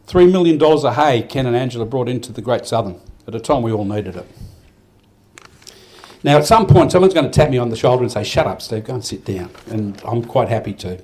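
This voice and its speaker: A man's voice: medium pitch, lively intonation, a little fast, darkish tone. Older man, Australian accent, live awards speech, rambling, heartfelt, faint background noise. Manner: rambling, heartfelt storytelling with many restarts. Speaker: event organiser giving a speech. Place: event hall.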